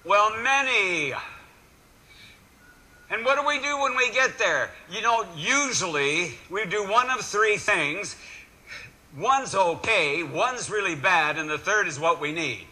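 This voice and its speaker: Bright, animated male preacher. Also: sits high, slow, rough recording. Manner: animated, acts out voices, swings between loud and quiet. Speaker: pastor. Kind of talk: sermon.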